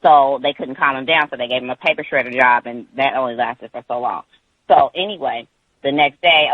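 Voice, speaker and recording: A man calling in to a radio show, telling a long personal story in a rambling way with many pauses and restarts. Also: medium pitch, no room sound. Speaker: caller. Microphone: phone. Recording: tinny phone line.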